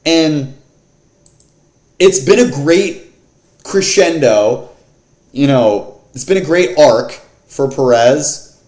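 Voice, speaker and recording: A man's voice: fairly high pitch, lively intonation, slow, long pauses, darkish tone. Slangy man breaking down fights, echoey room. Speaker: MMA fight picks vlogger. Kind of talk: casual fight card breakdown.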